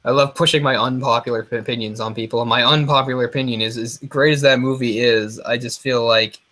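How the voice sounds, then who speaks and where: A man's voice: mid-range voice, steady tone, fast talker, sharp tone. A man co-hosting a casual movie discussion, chatty and opinionated, dropping into mock voices when he retells stories. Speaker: podcast co-host.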